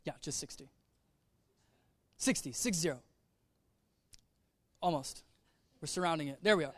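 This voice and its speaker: A man preaching a sermon in a humorous, conversational way, dropping to soft, earnest tones. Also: a little high, measured pace, dry recording. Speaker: pastor.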